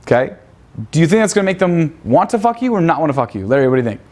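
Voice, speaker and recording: A man's voice: a little high, very animated, racing, darkish tone. A man teaching a seminar class in a crude, profane manner. He quizzes his students and acts out pickup lines. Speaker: seminar instructor.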